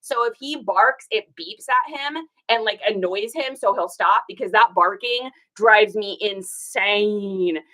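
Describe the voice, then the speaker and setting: A woman's voice: medium pitch, measured pace, hardly any pauses, pushed and bright. A woman hosting a casual live stream while shipping orders, chatting folksily, telling stories and reading viewer comments aloud. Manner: folksy, says y'all.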